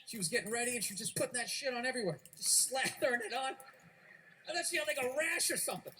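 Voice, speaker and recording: A stand-up comedian, a man with a fairly high voice, rants and mocks in a profane routine. He works a live room from the stage over a handheld mic. The recording carries a clear layer of background noise. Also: animated, racing, sharp tone, rough recording. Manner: profane, ranting, mocking. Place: stage before a live audience.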